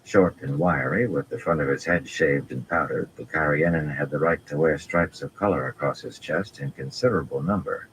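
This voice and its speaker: Male audiobook narrator, extremely deep voice, measured storytelling, faint ambient hum. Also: fairly bright tone, poor audio. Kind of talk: fantasy novel read-aloud narration.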